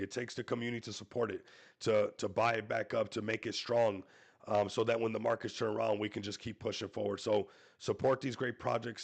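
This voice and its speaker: A man's fairly low voice, marked by vocal fry and a breathy edge, fronts a crypto live stream as he promotes a project. This crypto YouTuber is sick with a stuffy nose, sounds hyped and salesy, and repeats "everybody" often.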